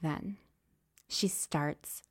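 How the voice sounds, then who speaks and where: A woman telling a story in casual chat, swinging from whispers to loud exclamations as she acts it out. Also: low-pitched, very slow, breathy edge.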